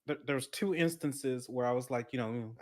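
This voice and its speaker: A man's voice: mid-range voice, moderate pace, crowd noise. A man hosting a casual podcast, telling crude stories animatedly with sudden yelps. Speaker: podcast host. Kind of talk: casual chat.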